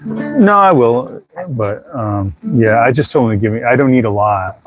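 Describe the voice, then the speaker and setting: A man's voice: mid-range voice, animated, moderate pace, dull audio, over music. Rambling man telling a boat story. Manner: rambling storyteller, acts out quotes. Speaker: podcast co-host. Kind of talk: casual chat. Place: aboard a sailboat.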